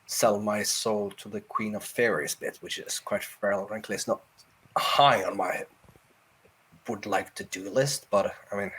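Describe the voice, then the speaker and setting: A man playing a tabletop game who jokes around and talks in halting, drawn-out phrases. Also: lowish voice, fairly bright tone, breathy edge. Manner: joking, halting with drawn-out words. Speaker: player. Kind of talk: casual tabletop role-play.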